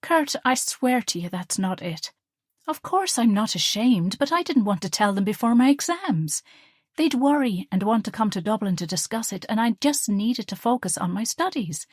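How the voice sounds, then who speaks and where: A woman's voice: fairly high pitch, expressive, moderate pace, dry recording, voice pushed up. Female reader as young woman student in love, earnest and pleading, raised voice, dry close audiobook sound.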